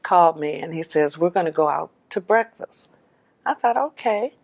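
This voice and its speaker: A woman telling her own life story in a lively, animated way, acting out the voices in the dialogue she recounts. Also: low voice, normal speed, vocal fry. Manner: laughs while telling. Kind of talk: personal storytelling.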